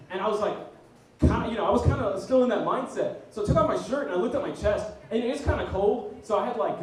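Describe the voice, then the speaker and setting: High, lively young man on a stand-up stage. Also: distant mic. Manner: self-mocking storyteller, laughs at his own jokes. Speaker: stand-up comedian and emcee. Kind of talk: stand-up comedy set. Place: student comedy night venue. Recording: very echoey room, mic heard from afar, faint noise.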